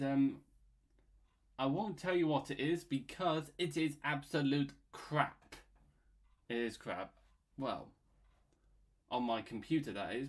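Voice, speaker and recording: A man chats through his drawing session in a playful, meandering way, his pitch bouncing all over the place. He takes his time, letting each thought stretch out before the next silly tangent. The sound is close and simple, like a mic on a desk. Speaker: illustrator and video creator. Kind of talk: casual drawing vlog narration.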